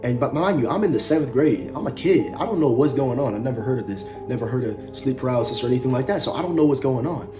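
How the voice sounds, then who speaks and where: A man's voice: mid-range voice, animated, fast talker, hardly any pauses. A young man telling a personal story to his viewers in a loose, conversational way, with many fillers and repeated words. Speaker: vlogger. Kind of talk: casual storytelling to camera. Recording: music playing underneath.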